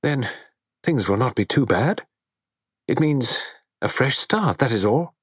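Brief: male reader doing a soft-spoken, gentle young wife for an audiobook, dry close sound. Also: medium pitch, animated, unhurried, husky, no echo, voice pushed up. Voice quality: soft, quiet. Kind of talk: audiobook character voice.

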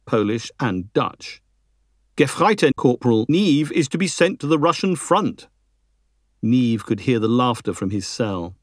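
A man reading a history book aloud as a narrator, measured and lifting his pitch for emphasis. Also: no echo, studio quality. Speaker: audiobook narrator.

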